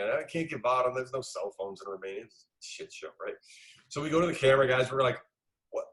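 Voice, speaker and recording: A middle-aged man, a film director being interviewed, telling lively anecdotes and acting out the dialogue he quotes. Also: medium pitch, fast talker, low-quality recording. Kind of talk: casual interview storytelling.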